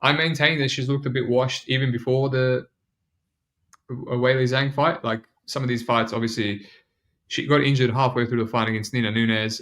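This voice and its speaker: A man with a New Zealand accent hosts a casual podcast, talking loosely with plenty of slang. His voice sits at a middling pitch. It has an easygoing, chatty flow. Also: fairly bright tone. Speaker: podcast host. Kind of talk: casual betting podcast chat.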